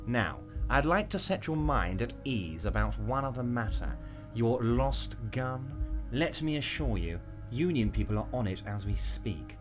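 An actor playing a large, genial but scheming male union boss in a video game, talking in a smooth, reassuring, faintly condescending way. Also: medium pitch, animated, measured pace, over music, natural voice. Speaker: game character.

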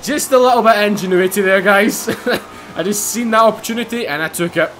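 A young man giving excitable, casual commentary over his racing game, swearing and laughing as he drives. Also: high voice, brisk. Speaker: gaming YouTuber. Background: game music and car engines.

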